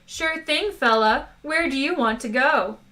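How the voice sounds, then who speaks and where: Woman putting on a chirpy super-eager ship computer guy, loud and bouncy. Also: sits high, unhurried, pitched above the performer's own voice. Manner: bubbly, overeager. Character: cheery, chummy male ship's computer.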